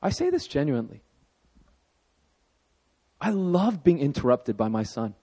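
A man in his thirties preaching a sermon as pastor, telling a personal story with animated emphasis. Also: fairly high pitch, unhurried, breathy edge.

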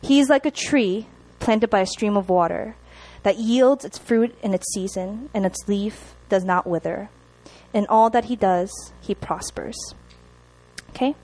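A young woman preaching a sermon to a congregation, chatty and animated, often checking in with the room. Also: medium pitch, measured pace. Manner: animated, chatty, laughs at herself, asks the room to respond.

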